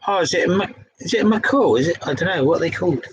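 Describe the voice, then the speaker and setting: A man's voice: high-pitched, animated, very fast, husky, rough recording. A young man with a Devon accent hosting a casual pub quiz, laughing and swearing as he stumbles over the questions. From England. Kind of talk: casual quiz-reading chat.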